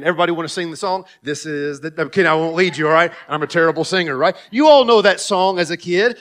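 A man preaching a sermon as pastor, animated and sarcastic at times, talking straight to the congregation and swinging from quiet low lines to loud emphatic ones. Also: fairly quick. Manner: sarcastic asides, talks directly to congregation.

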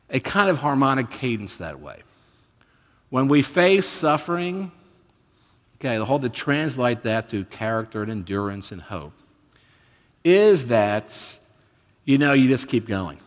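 Fifty-something preacher with lively delivery. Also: male voice, mid-range voice, a little slow, long pauses. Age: 50s. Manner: conversational storytelling with self-deprecating humor. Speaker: guest preacher. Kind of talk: sermon. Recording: reverberant hall.

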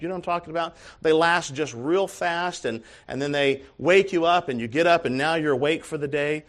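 Male pastor, high voice, emphatic sermon delivery that swings from hushed to shouted. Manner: emphatic, swings from quiet asides to shouted calls.

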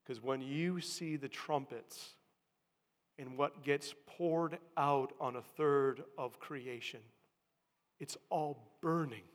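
A man's voice: mid-range voice, takes it slowly. Reverberant preacher, a man. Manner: swings from hushed to loud emphatic calls. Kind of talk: sermon.

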